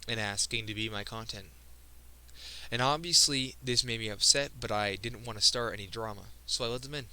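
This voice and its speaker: A teenage guy talks straight to his viewers, sounding emotional. His tone is very bright and cutting, set in a fairly low register. He speaks earnestly and keeps breaking off mid-sentence to start over. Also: clean tone, rough recording. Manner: earnest, halting, frequent restarts. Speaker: video creator. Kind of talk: personal vlog monologue.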